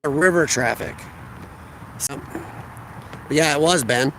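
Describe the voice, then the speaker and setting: Chatty high-voiced man live-streaming outdoors. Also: slow pace, a bit bright, slight background noise. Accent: American Midwest. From United States. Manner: chatty, reads out viewers' chat and answers them. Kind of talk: casual live-stream chat. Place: outdoors at a riverfront park. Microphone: phone camera held by the speaker.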